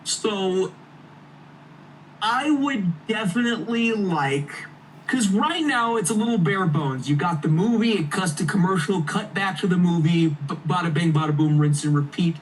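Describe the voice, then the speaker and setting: A man chatting casually as a co-host, relaxed and unhurried. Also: sits high, recorded from a distance, a little hiss or hum, low-quality recording. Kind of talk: casual chat.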